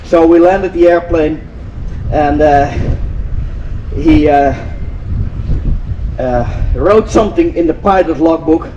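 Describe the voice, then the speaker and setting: An older man from Europe telling an audience a story, animated and acting out the dialogue, with repeated phrases. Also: a little high, takes it slowly, pauses often, highs cut off. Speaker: inspirational speaker. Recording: distant mic with faint vehicle noise.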